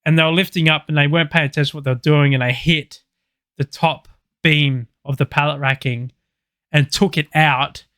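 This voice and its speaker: A man's voice: a little high, steady tone, brisk, a bit bright, dry recording, studio quality. A man casually telling a podcast story, loose and sweary with lots of fillers. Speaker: podcast co-host.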